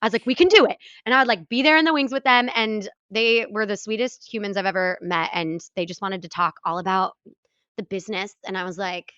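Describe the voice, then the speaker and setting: A young adult woman, a stage performer and guest, talking casually with high energy and bubbly laughter. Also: steady tone, brisk, bright, forceful tone, clear, resonant tone, no echo, lo-fi sound. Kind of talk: casual interview chat.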